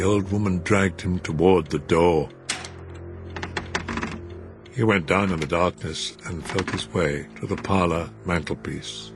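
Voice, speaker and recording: Deep, slow man reading a story. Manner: expressive, measured. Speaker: narrator. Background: music.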